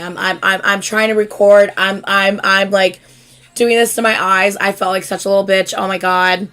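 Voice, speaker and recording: A young woman hosting a casual live stream, telling a story excitedly and swearing freely. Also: mid-range voice, moderate pace. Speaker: host.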